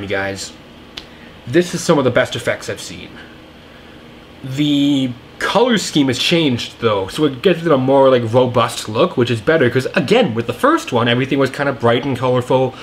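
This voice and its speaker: A man's voice: medium pitch, expressive, normal speed, a little hiss or hum. A young man giving a casual, rambling film review, enthusiastic and full of fillers and restarts. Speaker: movie reviewer.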